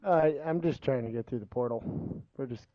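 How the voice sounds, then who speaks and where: Male player, mid-pitched, casual in-character talk, muffled and dry. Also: moderate pace, no room sound. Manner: casual and offhand. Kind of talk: in-character tabletop play.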